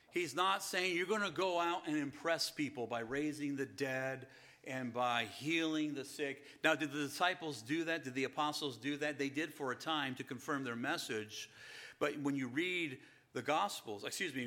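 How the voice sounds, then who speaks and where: Man, pastor, high bright voice, emphatic sermon delivery, rhetorical questions.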